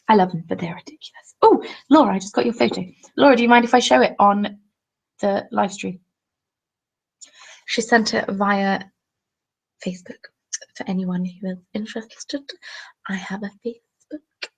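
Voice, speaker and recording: Southern english woman, young, gravelly voice, casual webcam chat. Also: medium pitch, moderate pace, long pauses, poor audio. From England. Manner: chatty, jokey, reads viewer comments aloud. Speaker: craft vlogger. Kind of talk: casual live-stream chat. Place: at home, seated.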